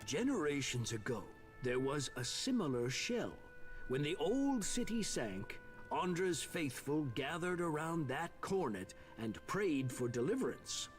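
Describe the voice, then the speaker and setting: Booming jovial noble. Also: male voice, big pitch swings, unhurried, faint music behind. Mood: storytelling. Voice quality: booming, theatrical storyteller. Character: jovial portly middle-aged male noble, former royal bodyguard. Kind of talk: video game voice acting.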